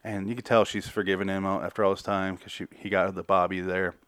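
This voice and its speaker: A man's voice: deep voice, flat delivery, fast, fairly bright tone, clean tone, dry recording, studio quality. A man hosting a podcast, casually recapping and reviewing a TV episode, out of breath, profane and rambling. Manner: profane, rambling, repeats words when restarting. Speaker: podcast host.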